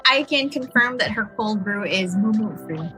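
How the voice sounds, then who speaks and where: A woman's voice: medium pitch, animated, normal speed, over music. A woman from the Philippines, hosting a casual podcast interview with chatty, teasing reactions. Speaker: podcast host.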